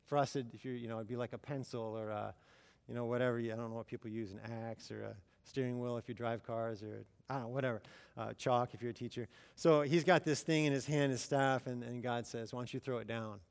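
Conversational preacher in a reverberant hall. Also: male voice, medium pitch, fairly even intonation, fast talker, creaky. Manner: conversational, chatty, with fillers and quoted dialogue. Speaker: missionary speaker. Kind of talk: sermon storytelling. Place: church.

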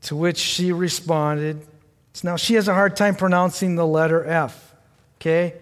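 Older male pastor, high voice, slow storytelling delivery, long hall reverb. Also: fairly even intonation. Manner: storytelling, conversational, speaks to the congregation directly. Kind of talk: sermon with personal story.

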